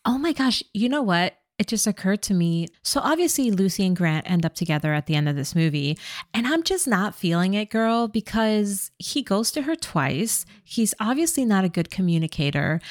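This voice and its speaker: A woman co-hosting a casual podcast, recapping a movie with lively mocking quotes and frequent laughter. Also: mid-range voice, normal speed, no room sound, clean studio sound. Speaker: podcast co-host.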